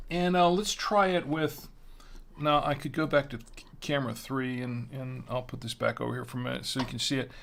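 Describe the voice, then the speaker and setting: Chatty gravelly-voiced man hosting a livestream. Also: medium pitch, steady tone, moderate pace, a bit bright, slight background noise. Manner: rambling, chatty, self-deprecating with frequent fillers. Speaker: host of a wine tasting livestream. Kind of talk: casual live-stream chat.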